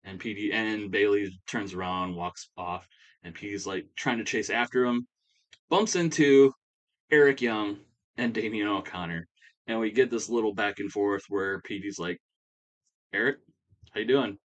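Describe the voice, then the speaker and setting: A man's voice: lowish voice, moderate pace. A man casually recapping a wrestling management game, rambling with plenty of fillers. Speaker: game commentator. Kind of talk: comedic play-by-play of a wrestling sim game.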